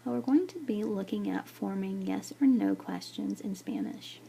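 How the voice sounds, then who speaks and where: A woman's voice: mid-range voice, normal speed, creaky, warm tone, slight background noise. A woman teaching a Spanish lesson to students at a board, patient and repetitive, checking in with frequent "okay"s. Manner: patient, repeats "okay" and examples, many fillers.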